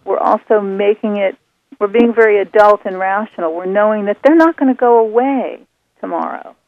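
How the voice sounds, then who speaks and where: A woman guest explaining her method in a calm, soothing, patient way. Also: mid-range voice, moderate pace. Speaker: author and guest. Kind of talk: explaining on a radio call-in. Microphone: phone. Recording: thin phone line.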